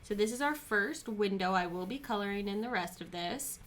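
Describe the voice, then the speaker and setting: A woman's voice: medium pitch, expressive, brisk, a bit bright. A woman co-hosting a livestreamed board game demo, chatting casually and explaining each step as she plays. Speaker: co-host demoing board games.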